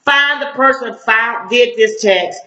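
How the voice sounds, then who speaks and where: A middle-aged civil rights activist offers impassioned video commentary, blunt and confrontational, in slangy street talk. Her voice is on the high side, slow and sharp, heard in an echoey room on dull lo-fi audio.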